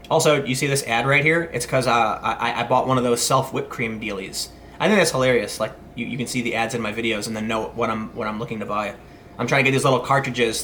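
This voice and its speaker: A man in his thirties talks quickly in a casual commentary vlog. His voice is bright and forceful, and he rambles, often restarting his sentences and going off on asides. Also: mid-range voice, slight background noise. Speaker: commentary host.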